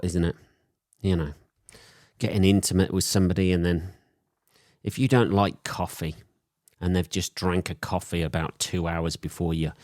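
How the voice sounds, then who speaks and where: A man's voice: low voice, dry recording, studio quality. A man with a sore throat from a cold, hosting a solo podcast and rambling in crude, profane jokes. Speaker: podcast host.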